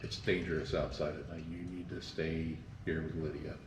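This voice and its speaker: A man playing a tabletop game, speaking in a gentle, soft-spoken way. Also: very deep voice, little pitch movement, normal speed, background noise. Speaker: player. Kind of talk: tabletop role-play. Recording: roomy, distant mic, music behind.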